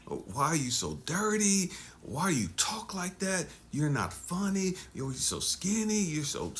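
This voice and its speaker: Scolding parent, harsh and nagging, high and sharp, put on by a man. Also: wildly swooping pitch, a little hiss or hum, exaggerated voice. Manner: rapid-fire nagging questions and put-downs.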